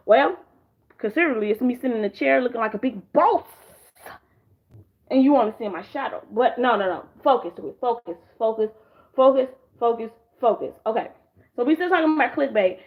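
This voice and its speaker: A woman's voice: high-pitched, muffled recording. A young woman chatting casually about shows she watched, swearing freely and acting out characters. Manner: animated, acts out characters in squeals, swears a lot. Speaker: vlogger reviewing shows. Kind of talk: casual chat, profane storytelling. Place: sitting in a chair at home.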